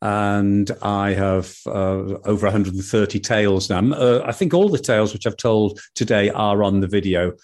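An older man, a professional storyteller, telling a folk tale and then chatting in an interview with measured, hesitant speech. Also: fairly low pitch, a little mellow. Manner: measured, hesitant with many fillers. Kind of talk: oral storytelling and interview chat.

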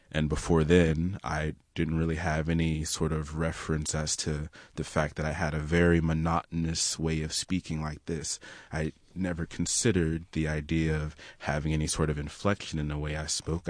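A young man with a low, deep voice tells a personal story in an earnest, reflective way. The sound is dry and close, with no room echo. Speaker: storyteller and guest. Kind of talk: personal story told to an audience.

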